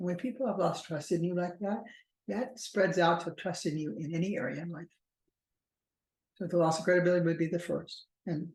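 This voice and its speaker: A woman therapist talking to the camera in a slow, careful way, often pausing and restarting her sentences. Her voice carries the ring of a bare, echoey room. She sounds reflective and explanatory. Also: on the low side, darkish tone. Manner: measured and thoughtful, slow stretches with frequent restarts and fillers. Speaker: relationship therapist.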